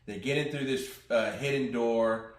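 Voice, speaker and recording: A man's voice: medium pitch, moderate pace. A man co-hosting a casual podcast, retelling a TV episode and quoting its characters loosely. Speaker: podcast co-host. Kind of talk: casual recap chat. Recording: roomy echo.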